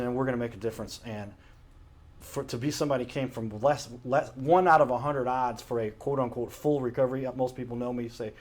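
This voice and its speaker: A man's voice: mid-range voice, a little mellow. A man hosting his own show, talking casually and earnestly to his camera in a home studio, often stopping to correct himself. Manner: rambling, earnest, self-correcting. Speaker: show host. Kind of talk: casual solo talk to camera. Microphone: camera mic, self-recorded.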